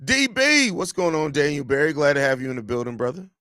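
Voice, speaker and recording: A man's voice: fairly high pitch, quick pace, dry recording, studio quality. A man hosting a live podcast show, reading viewer comments aloud and teasing the people who sent them. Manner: animated, teasing, talks straight to viewers. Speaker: podcast host.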